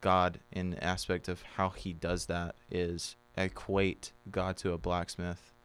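Deep-voiced young man preaching earnestly. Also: monotone, unhurried, fairly bright tone, smooth. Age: 20s. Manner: preachy, quoting scripture. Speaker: podcast co-host. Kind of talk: casual faith conversation.

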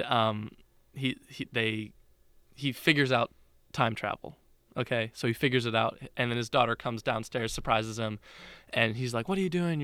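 A young man in casual conversation with a bright, crisp voice, recorded with a dry, close sound. He retells a story in a rambling way, full of fillers and restarts. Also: medium pitch, dry recording. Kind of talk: casual chat.

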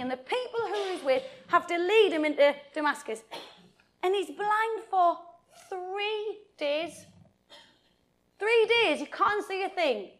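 A woman telling a Bible story to children and adults in an animated way, often addressing her listeners directly. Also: sits high, unhurried.

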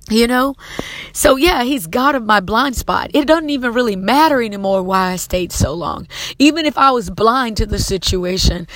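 A woman's voice: mid-range voice, no echo, rough recording. A middle-aged woman preacher giving an emotional, fervent testimony sermon, holding back tears at times.

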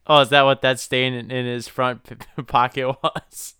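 A man's voice: medium pitch, fairly even intonation, slow pace, pushed and bright, smooth, no room sound, studio quality. A man co-hosting a podcast in casual chat, joking around and laughing often. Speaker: podcast co-host.

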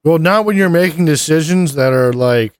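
On a casual podcast, a male co-host rambles along, peppering his talk with fillers and profanity. His voice leans high, his pace is moderate, and the recording is dry.

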